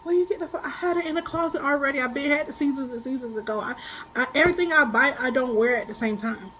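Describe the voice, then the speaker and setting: Woman, high voice, tarot reader, casual storyteller, quick to laugh, blunt and colloquial. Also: a little hiss or hum, low-quality recording. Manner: animated, laughs often while telling stories. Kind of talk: casual spiritual chat.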